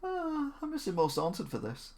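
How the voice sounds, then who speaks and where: A man's voice: fairly low pitch, brisk. A man chatting casually on a gaming live stream. He jokes around, mocks himself and rambles. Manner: jokey, self-mocking, rambling.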